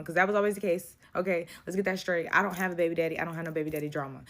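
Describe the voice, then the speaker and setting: A young adult woman telling a real-life story in a blunt, profane, animated way, acting out the dialogue. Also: on the low side, racing, few pauses. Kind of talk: casual storytime vent.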